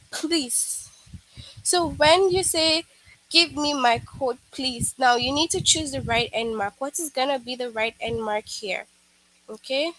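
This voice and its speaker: A woman's voice: high-pitched, fairly bright tone, no room sound, rough recording. A woman teacher giving an online grammar lesson for young children, patient and repetitive, often checking in with "okay?".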